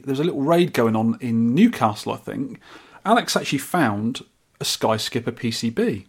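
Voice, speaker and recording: This podcast co-host has a husky, mid-range voice. He chats casually and with enthusiasm, frequently starting his sentences over.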